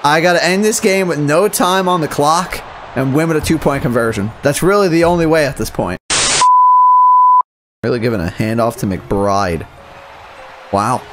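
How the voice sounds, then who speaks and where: A young man commentating his own video game match, muttering plays quietly and then yelling at the big moments. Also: a little high, moderate pace, pauses often, very noisy. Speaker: gaming YouTuber. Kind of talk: live gameplay commentary.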